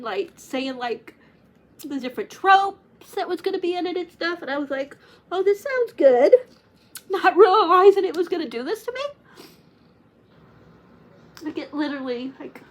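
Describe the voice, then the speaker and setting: In a high-pitched, slightly bright voice, a book reviewer chats casually to camera about the books she loves most. She gushes and says "like" often, and she's emotional to the point of almost crying.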